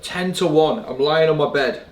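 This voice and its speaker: A man's voice: on the high side, moderate pace. A man, a DJ chatting casually to camera on tour and telling stories with lots of laughs. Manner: animated storyteller, laughs often. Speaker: DJ vlogging his tour. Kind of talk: casual vlog chat. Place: city streets, hotel and venues on tour. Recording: roomy, noisy on-location sound.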